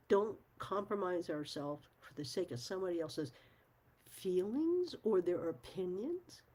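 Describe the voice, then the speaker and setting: Casting: middle-aged woman, frank and emphatic vlog host, low husky voice. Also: a little mellow. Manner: frank, emphatic, swears, laughs often. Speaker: channel host. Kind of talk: casual talk to camera.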